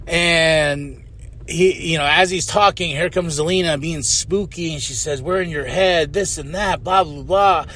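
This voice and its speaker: Man, fairly high voice, casual podcast recap, animated, faint background hiss. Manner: animated, paraphrases wrestlers in quick put-on voices, chuckles. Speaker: podcast host.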